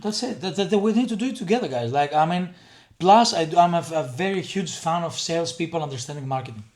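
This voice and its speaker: A man's voice: a little high, expressive, fast, darkish tone. Blunt, emphatic man talking sales. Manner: blunt, emphatic, repeats himself. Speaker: head of sales, guest. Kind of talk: casual business conversation.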